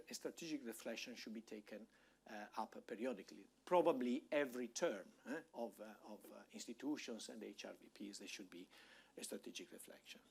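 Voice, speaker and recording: Guy giving a policy talk, kinda husky voice, lots of uhs and restarts. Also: mid-range voice, a little mellow. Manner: measured, many fillers and restarts. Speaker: guest speaker, think-tank director. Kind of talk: public lecture.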